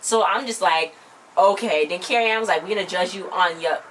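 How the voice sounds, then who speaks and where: A woman's voice: on the low side, a little fast, fairly bright tone, slight background noise, poor audio. Gossipy woman recapping a dance show. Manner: chatty, gossipy, acts out what others said. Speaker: recap vlogger. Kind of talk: casual chat.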